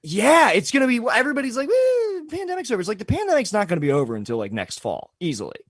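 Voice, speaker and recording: A man's voice: high voice, very animated, rapid-fire, a bit bright, no room sound, studio quality. A young man telling a long story in casual podcast chat, full of fillers and swearing. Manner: rambling, filler-heavy, swears freely. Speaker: podcast co-host.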